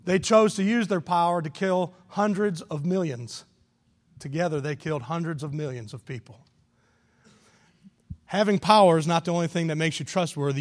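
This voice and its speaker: A man preaching to his congregation in a sanctuary, pressing his points by repeating them. His voice sits high. A long reverb from the hall trails behind each line. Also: normal speed. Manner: emphatic preaching, repeats key phrases. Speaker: pastor. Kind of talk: sermon. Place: church sanctuary.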